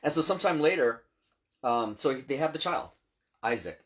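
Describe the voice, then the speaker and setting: A man with an ordinary mid-range voice leads a relaxed Bible discussion as a pastor. He retells scripture in plain, everyday language and keeps checking in with his listener. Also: medium pitch, moderate pace. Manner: informal, explains scripture in everyday words with frequent "right?". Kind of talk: casual Bible teaching chat.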